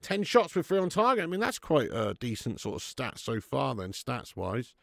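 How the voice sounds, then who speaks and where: A gravelly-voiced man hosts a live football watch-along, trading banter with his chat and slipping into quick match commentary. He laughs often and talks in a loose, chatty way. The sound is dry and close to the mic. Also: mid-range voice, wildly swooping pitch, no echo. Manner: chatty, banter-heavy, laughs a lot, greets chat by name.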